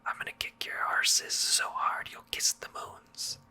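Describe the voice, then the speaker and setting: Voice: unhurried, bright, forceful tone. A streamer reading a brash young woman thief's lines in whispered role-play.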